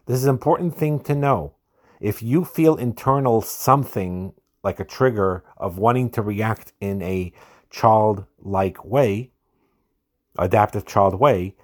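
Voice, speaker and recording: A man hosts an informal religious self-help talk. He speaks in an unhurried, halting way, often restarting his sentences. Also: lowish voice, a little mellow. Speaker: host.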